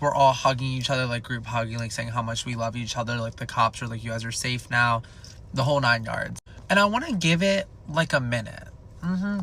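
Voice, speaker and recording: A young man tells a wild personal story, rambling and swearing freely between constant fillers. His voice has a gravelly fry with a bright, forward edge, at an average pitch. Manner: rambling, profane, animated, filled with "like". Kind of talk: casual comedic storytime.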